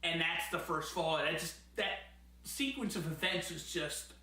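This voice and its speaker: A man's voice: fairly high pitch, moderate pace, pushed and bright. A man giving a casual, enthusiastic spoken review as a host, rambling at times and laughing often. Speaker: wrestling show reviewer. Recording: very echoey room.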